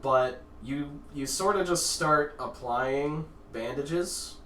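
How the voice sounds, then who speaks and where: A game master narrating a tabletop game, unhurried and quick to laugh. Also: mid-range voice, fairly bright tone, roomy sound, distant mic, a little hiss or hum.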